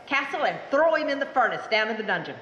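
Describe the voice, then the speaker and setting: A woman's voice: fairly high pitch, very animated, fast, a bit bright, lo-fi sound, slight background noise. A woman voicing a greedy, bossy male sultan who brushes people off, recorded live in a hall. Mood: dismissive. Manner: dismissive, offhand. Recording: roomy hall with long echo.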